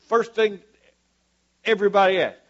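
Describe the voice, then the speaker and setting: A man's voice: high voice, moderate pace, a bit bright, highs cut off. A man preaching a sermon to a church congregation, fervent and emphatic, repeating his points for weight.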